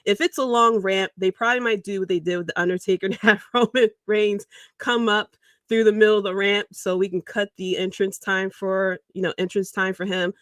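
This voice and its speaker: Woman host rambling on a livestream, laughs mid-sentence, dry close sound, mid pitch. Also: steady tone, fairly quick, no room sound. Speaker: podcast host. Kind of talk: casual livestream commentary.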